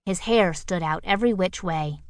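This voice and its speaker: A woman narrating a children's picture book audiobook with expressive, playful storytelling on a close studio mic. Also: fairly low pitch, moderate pace, no echo.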